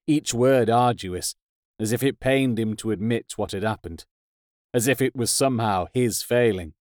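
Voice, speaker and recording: A man's voice: mid-range voice, lively intonation, measured pace, no echo. Man narrating an audiobook, dry sound.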